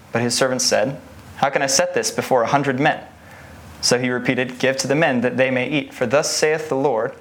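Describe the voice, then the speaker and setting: A man reading Bible passages aloud to a congregation in a measured, steady way. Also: medium pitch. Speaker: scripture reader.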